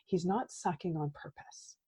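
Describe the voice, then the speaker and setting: Warm-toned woman, animated, "right?"-heavy. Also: fairly low pitch, unhurried, slightly rough. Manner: animated, says "right?" often, acts out quoted outbursts. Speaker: therapist and coach guest. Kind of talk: casual podcast conversation.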